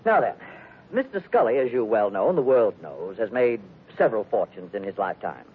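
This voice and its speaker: A man's voice: on the low side, very animated, fairly quick, husky, exaggerated voice. An actor playing a pompous, fussy doctor in a 1940s radio drama, hemming and hawing as he lectures. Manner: pompous, hesitant with uh's. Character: fussy, smooth-talking male doctor, pompous. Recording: tinny old radio broadcast.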